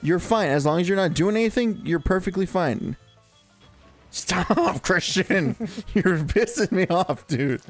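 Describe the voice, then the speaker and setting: A man's voice: high-pitched, lively intonation, unhurried, soft background music. A young man co-hosting casual gameplay commentary, laughing often, swearing and bossily teasing his partner. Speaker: co-host of gaming commentary.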